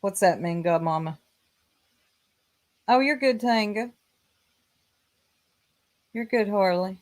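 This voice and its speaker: Slow-talking Southern woman streamer. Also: medium pitch. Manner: chatty, mocking, greets viewers by name. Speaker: livestream host. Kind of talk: casual livestream chat.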